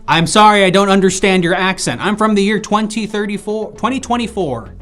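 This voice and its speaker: A man hosting a live improv comedy show, playing a goofy time-traveling reporter in an animated way. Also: high-pitched, brisk, faint music behind.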